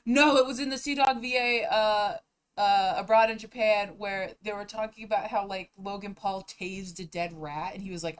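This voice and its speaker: A woman's voice: mid-range voice, steady tone, a little fast. A young woman streamer chatting casually on a live stream, giggling and breaking into helpless laughter as she talks.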